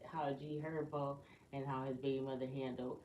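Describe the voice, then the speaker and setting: A woman's voice: a bass voice, little pitch movement, normal speed, warm tone, distant mic, dull audio, slight background noise. A woman co-host in a casual group chat, retelling a story in a rambling way with many ums. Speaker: podcast co-host. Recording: roomy sound from off-mic.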